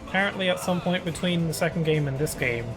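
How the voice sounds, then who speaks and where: A man's voice: a little high, fast talker. A young man giving casual, rambling commentary while playing a game on stream, talking into a desk microphone. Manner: rambling, easygoing, many fillers. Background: game music.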